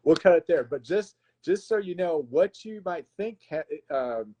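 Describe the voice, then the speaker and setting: Animated man retelling a story. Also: fairly high pitch, measured pace. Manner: animated storyteller, frequent restarts. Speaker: guest author. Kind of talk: casual interview, retelling a plot. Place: live stream.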